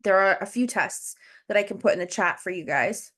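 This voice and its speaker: Speaking a bit quickly in an animated, fairly bright mid-range voice, a breathless woman runs a casual educational livestream on a video call. She chats away, breaks explanations into steps, and addresses the chat directly.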